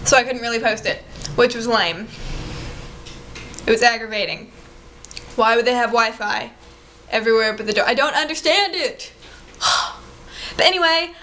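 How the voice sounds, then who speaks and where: A woman vlogging casually to camera, rambling in an exasperated, excitable way. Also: sits high, slight background noise.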